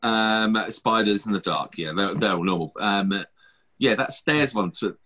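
A man's voice: fairly low pitch, unhurried, pushed and bright, slightly rough. A man hosting a podcast, chatting casually and rambling with lots of fillers and restarts. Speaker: podcast host. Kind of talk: casual chat.

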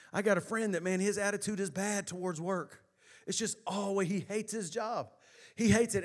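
A high-pitched man preaching a sermon. He presses his points with emphasis. Then he sinks to a soft, hushed telling for the story. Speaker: pastor.

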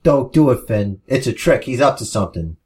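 A man voicing a confident male wrestling hero, forceful and defiant. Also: mid-range voice, animated, a little fast, natural voice.

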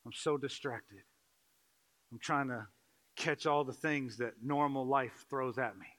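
A man pastor preaching a sermon, shifting from quiet, slow reflection to loud, pleading intensity. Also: low-quality recording. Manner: swings from quiet and slow to loud, high-pitched impassioned pleading.

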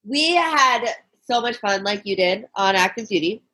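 A woman's voice: mid-range voice, expressive, normal speed, pushed and bright, poor audio. A woman hosting a podcast, laughing and asking casual questions. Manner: laughs often, asks friendly questions. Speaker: podcast host. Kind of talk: casual interview chat.

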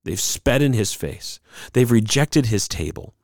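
A man preaching a sermon in an earnest, pausing way, sometimes acting out quoted lines. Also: medium pitch, lively intonation, a little mellow, dry recording, studio quality. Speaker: pastor.

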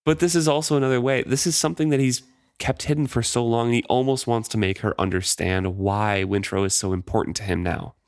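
A man's voice: mid-range voice, steady tone, fairly quick, no room sound, clean studio sound. A man co-hosting a casual book discussion podcast, reading passages aloud and commenting with easy laughs. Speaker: podcast co-host.

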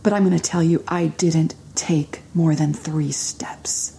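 Slow, earnest woman telling a faith story. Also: low voice, fairly even intonation, creaky, slight background noise. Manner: earnest, emotional storytelling with hushed pauses. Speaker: speaker sharing a faith testimony. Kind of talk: personal testimony sermon.

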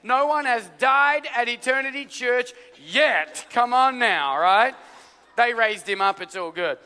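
A male pastor delivers a lively sermon in a very high, sharp, bright voice. He tells stories and acts out voices along the way. The sound rings with the long reverb of a large church hall. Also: a little slow, smooth. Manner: animated storytelling with acted-out voices.

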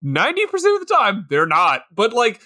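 A man's voice: sits high, a little fast. A man co-hosting a casual movie podcast, laughing often and slipping into mocking impressions. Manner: animated, laughing, jumps into mocking voices. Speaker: podcast co-host. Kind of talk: casual movie recap chat.

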